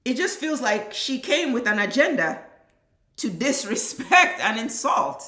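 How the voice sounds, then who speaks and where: A fired-up woman vents her reaction commentary with a bright, forceful edge and curses freely. Her exasperated rant rings out in an echoey room. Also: on the high side, very animated, measured pace. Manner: heated, exasperated, swears freely. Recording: roomy echo.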